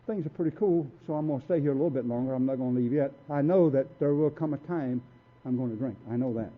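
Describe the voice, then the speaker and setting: Gruff street-kid man, plain mid-range voice, plainspoken storyteller, lo-fi narrow recording. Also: mid-range voice, quick pace. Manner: blunt streetwise storytelling, acts out quotes. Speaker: recovery meeting speaker. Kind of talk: personal story talk. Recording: tinny phone-like recording.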